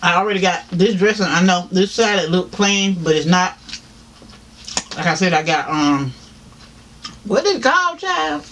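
Southern man vlogger, high voice, chatty eating-show talk, faint hiss behind. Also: fairly even intonation, normal speed, fairly bright tone. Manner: chatty, laughing, talks while chewing, addresses viewers as y'all. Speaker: mukbang vlogger. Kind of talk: casual eating-show chat.

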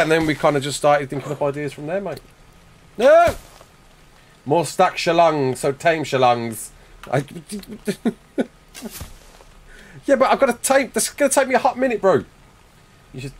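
A young English man streams a game live, reading viewer comments aloud and answering them in casual chat. His voice is on the high side and animated, at normal speed but broken by long pauses. He uses a desk mic with a face cam.

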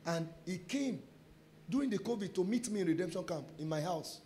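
A Nigerian pastor with a noticeably high voice preaches through a string of testimony stories. He acts out each exchange in lively quoted dialogue and drops into pidgin phrases as he goes. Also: brisk, a little hiss or hum. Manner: animated storyteller acting out dialogue. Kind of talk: sermon testimony.

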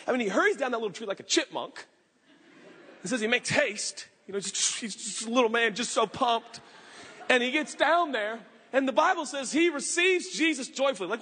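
A male pastor preaching a sermon, telling a story with lively acted-out voices and frequent laughter. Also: very high voice, slightly rough, long reverb tail. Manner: animated storytelling, acts out voices, laughs often. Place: large church hall.

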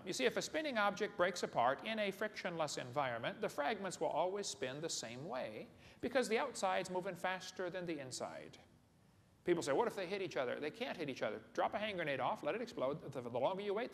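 A man's voice: high-pitched, big pitch swings, fast, vocal fry. A man giving a humorous lecture to a live audience in a large hall, folksy and joking, often putting questions to the crowd. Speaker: seminar speaker. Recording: echoey hall, faint room noise.

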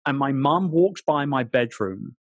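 A British man in his forties, an author guest telling animated stories in an interview, often restarting his sentences. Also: mid-range voice, measured pace, dry recording. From England. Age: 40s. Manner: animated storyteller, frequent restarts. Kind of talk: storytelling interview chat.

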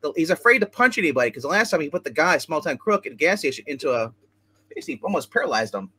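A man's voice: fairly high pitch, sing-song, racing, bright, forceful tone, husky. A man hosting a casual chat show, rambling through a comic book review with many restarts and asides.

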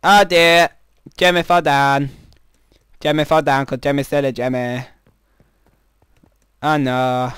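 A man's voice: medium pitch, little pitch movement, slow pace, long pauses, a bit bright, clear, resonant tone, no room sound. A man giving rambling, chatty commentary while playing a game, breaking into startled exclamations. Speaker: gamer. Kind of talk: casual gameplay commentary.

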